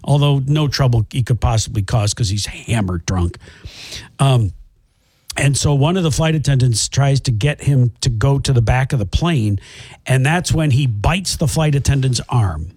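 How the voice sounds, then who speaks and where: A male radio co-host retelling a news story in casual chat, animated and indignant. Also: mid-range voice, normal speed, slightly rough, no echo, clean studio sound.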